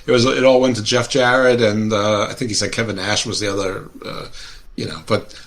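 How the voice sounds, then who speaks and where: A man's voice: lowish voice, flat delivery, fairly quick. A man co-hosting a casual wrestling podcast, dropping dry, wry remarks. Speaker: podcast co-host.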